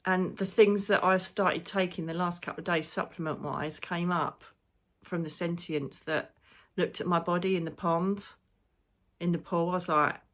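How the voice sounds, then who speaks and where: A woman speaks in a loose, spiritual monologue as a psychic medium. Her voice sits a little low. She rambles and gets emotional, with the odd casual swear. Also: steady tone, moderate pace.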